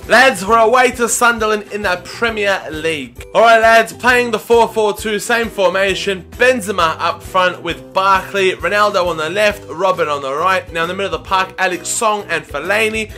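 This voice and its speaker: A young man giving excitable, often shouted commentary while playing a football video game. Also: high-pitched. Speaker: gaming YouTuber.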